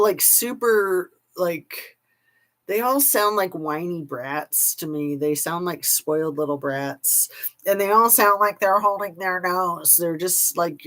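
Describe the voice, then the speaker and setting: A woman commentator chatting casually to her camera, with scornful asides. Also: on the low side. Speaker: YouTube commentator.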